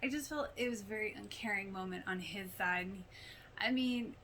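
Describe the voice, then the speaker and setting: A woman hosting a casual reaction podcast, talking in a chatty, animated way with exclamations and quoted lines. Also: mid-range voice, fairly quick, slight background noise, rough recording. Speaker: podcast host reacting to a TV show.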